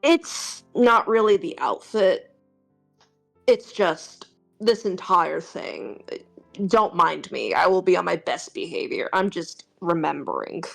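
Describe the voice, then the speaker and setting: A woman's voice: lowish voice, slow, vocal fry, faint music behind. A woman playing a tabletop role-playing game, dryly describing what her character does. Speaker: player. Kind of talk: casual tabletop role-play.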